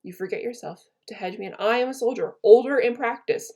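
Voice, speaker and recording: A woman's voice: a little high, a little fast, dark tone, close to an everyday voice. A woman reading aloud the part of a proud, touchy Roman conspirator in a plain, unaccented voice. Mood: indignant. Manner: plain read-aloud of verse, no accent put on.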